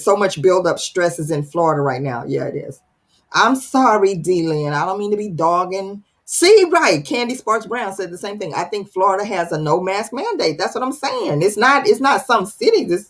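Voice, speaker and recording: Woman host, casual livestream chat, playful and teasing, animated pitch, slightly breathy. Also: moderate pace. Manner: playful, teasing, dramatic, laughs often. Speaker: live stream host reading viewer comments.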